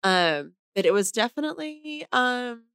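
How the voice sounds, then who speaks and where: A woman's voice: a little high, sing-song, measured pace, fairly bright tone, clean tone, dry recording, clean studio sound. A woman in her thirties from Australia, chatting casually on a podcast and laughing often. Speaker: podcast guest, host's wife. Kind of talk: casual chat.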